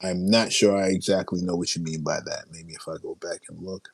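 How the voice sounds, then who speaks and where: A man from Queens hosting a casual livestream, reading out viewer chats, his voice strained after a long night of yelling. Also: low-pitched, fairly even intonation, fairly quick, vocal fry, husky, dry recording. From South Jamaica, Queens, New York. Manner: reading and answering viewer chat, with self-interrupting restarts. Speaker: livestream host.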